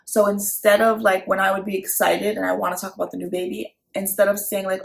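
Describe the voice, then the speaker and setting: A woman's voice: mid-range voice, fast, creaky, hardly any pauses, low-quality recording. A young woman, a mother and vlogger, giving casual parenting advice in a chatty way and acting out what her child might say. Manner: chatty, animated when quoting her child.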